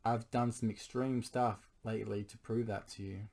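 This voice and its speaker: A hoarse man who is losing his voice speaks in an earnest, pleading monologue aimed at his partner. He keeps stopping to clear his throat. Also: fairly low pitch, fairly even intonation, moderate pace, darkish tone. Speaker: vlogger addressing his partner. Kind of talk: confessional monologue to camera.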